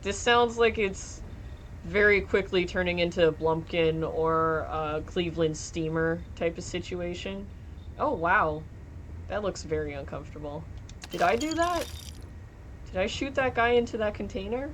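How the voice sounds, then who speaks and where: A woman's voice: fairly low pitch, moderate pace, a little hiss or hum. A young woman streaming from home, chatting casually while gaming, giggling and joking as she reads chat aloud.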